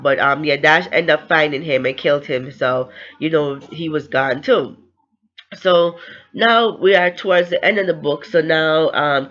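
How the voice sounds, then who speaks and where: A man gushes through a novel's plot in a loose, excitable way and slips into the characters' lines as he goes. His voice is bright and sits fairly high. The recording sounds slightly dull and lo-fi. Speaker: book reviewer. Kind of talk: casual book recap.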